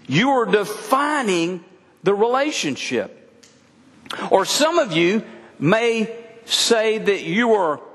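A man's voice: high-pitched, a bit bright. A middle-aged man preaching a sermon to a church congregation, earnest and often repeating words for emphasis. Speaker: pastor. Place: church service. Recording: long hall reverb.

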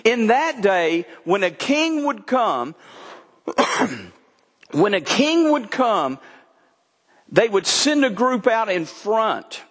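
A man's voice: high-pitched, a bit bright, big-room sound. An older man preaching a sermon, telling folksy stories and swinging his voice up and down for emphasis. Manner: folksy storytelling preacher, voice rising and dropping for emphasis. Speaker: pastor.

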